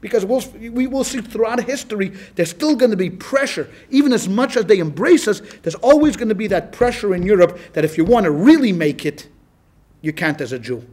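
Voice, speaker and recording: A male rabbi giving a lecture to a class in a lively, conversational way, with frequent restarts. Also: sits high, brisk. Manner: animated and conversational, with many restarts. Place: class with a live audience.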